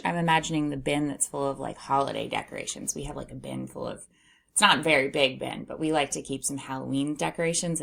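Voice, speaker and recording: Woman, phonics teacher, patient, sounds out letters, low-pitched, some vocal fry. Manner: slow, patient, spells out letters and sounds out words. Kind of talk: teaching early readers, reading aloud.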